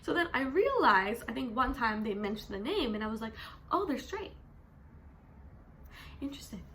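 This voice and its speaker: A young woman from Canada chatting casually in a vlog, animated and full of "like" fillers. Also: fairly high pitch, brisk, a little hiss or hum. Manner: chatty, animated, says "like" constantly. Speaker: vlogger; teacher.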